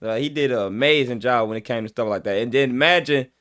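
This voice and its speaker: A man hosting a casual music reaction, explaining lyrics in an animated way and mimicking how teenagers talk. He is a father who coaches youth. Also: medium pitch, fast. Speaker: reaction video host.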